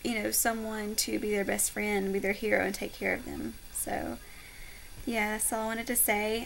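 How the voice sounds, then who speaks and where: A woman vlogger talking to the camera in a halting, heartfelt way, with many fillers and pauses. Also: medium pitch, animated, creaky, fairly bright tone, a little hiss or hum, low-quality recording. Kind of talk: casual heartfelt talk to camera.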